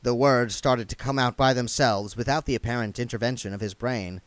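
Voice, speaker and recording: A man reading a comic novel aloud in lively, expressive narration. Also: medium pitch, a little fast, hardly any pauses, no room sound. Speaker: reader.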